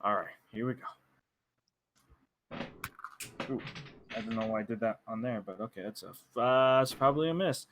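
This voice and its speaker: A man's voice: fairly low pitch, moderate pace, long pauses, highs cut off, noisy background. A man playing in a tabletop game, talking casually and thinking aloud as he decides what his character does. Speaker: player.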